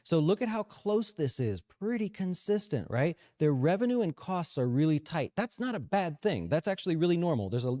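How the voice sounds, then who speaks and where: A man talks through the markets in a loose, chatty way, his pitch swinging up and down as he goes. His voice sits mellow and dark. The sound is dry and close, with no room around it. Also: no room sound. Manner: chatty, animated, says "right?" often. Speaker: financial advisor show host. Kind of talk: casual market commentary.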